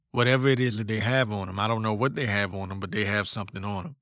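Guy ranting solo on his podcast, cussing a lot, bright edgy voice, dry close sound. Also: lowish voice, steady tone, fast talker, hardly any pauses, dry recording. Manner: blunt, profane, combative. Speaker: podcast host.

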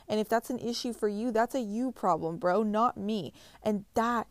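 A woman's voice: mid-range voice, moderate pace, no room sound. A woman in her twenties talking bluntly and passionately in a confessional vlog, swearing heavily and speaking with emphasis. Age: 20s. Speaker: vlogger.

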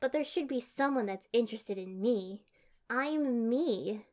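A woman's voice: on the high side, lively intonation, measured pace, a little mellow. A woman voicing a brash, dramatic teenage girl who complains in emphatic, whiny outbursts. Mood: moping.

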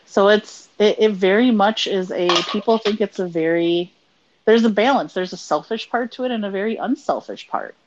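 A woman co-hosting a casual podcast at an ordinary middle pitch, animated and quick to laugh, often trailing off and restarting her thoughts. The sound is a little dull and lo-fi. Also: slight background noise. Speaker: podcast co-host. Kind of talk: casual chat.

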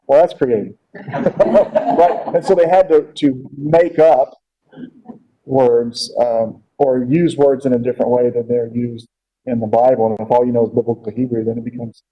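Heard on a dull lo-fi recording, a man conducting a casual Bible class speaks at a medium pitch with fairly even intonation. His delivery is halting, full of fillers and repeated words.

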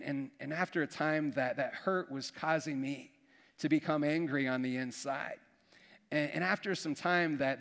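Earnest pastor preaching in an echoing hall. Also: male voice, on the high side. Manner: earnest, repetitive restarts, folksy "man". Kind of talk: sermon. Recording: long hall reverb.

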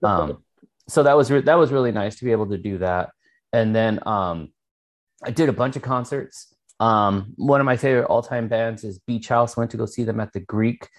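Speaking at a normal speed with a voice on the low side, this podcast co-host rambles through stories in casual conversation. He leans heavily on fillers and swears a lot.

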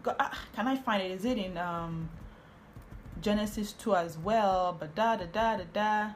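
A woman's voice: mid-range voice, moderate pace, slight background noise. A woman, hosting a podcast and giving a casual, chatty Bible teaching on marriage, often drifting into asides.

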